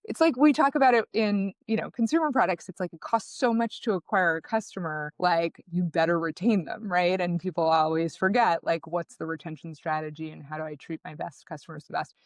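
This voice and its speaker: A woman founder being interviewed, telling her story in a lively, conversational way and acting out what people said. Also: lowish voice, fairly quick, few pauses, no room sound. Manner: animated, conversational, acts out quotes. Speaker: guest, founder.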